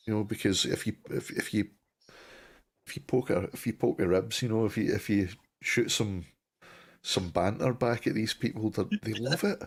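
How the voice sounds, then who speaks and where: A middle-aged man with a Glasgow-area Scottish accent, chatting on a live stream. His voice sits very low and sounds husky. He tells long stories with many restarts and plenty of swearing. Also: normal speed. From Scotland, Clydebank near Glasgow. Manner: storytelling, swears freely, restarts a lot. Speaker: co-host. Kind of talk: casual chat on a live stream.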